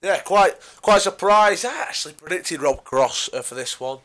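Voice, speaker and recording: A man's voice: high voice, expressive, normal speed, bright, forceful tone. A man co-hosting a casual sports podcast, rambling with puns and many fillers. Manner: rambling, punning, filler-heavy. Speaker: podcast co-host.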